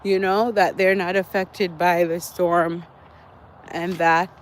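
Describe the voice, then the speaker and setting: Breathless high-voiced man walking. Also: level tone, takes it slowly, a little hiss or hum. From Jamaica. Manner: chatty, repeats himself, talks to chat. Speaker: livestream host. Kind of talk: casual walking livestream. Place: outdoor walking track near woods at dusk.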